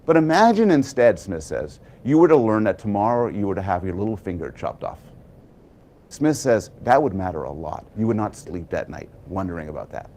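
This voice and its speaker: Animated man giving a public talk. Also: lowish voice. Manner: animated storytelling with dramatic pauses. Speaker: public speaker.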